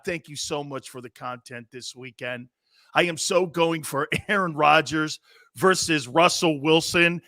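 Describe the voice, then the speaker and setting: A man hosting a sports talk show, giving animated, sarcastic, ranting opinions. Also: on the high side, dry recording, studio quality.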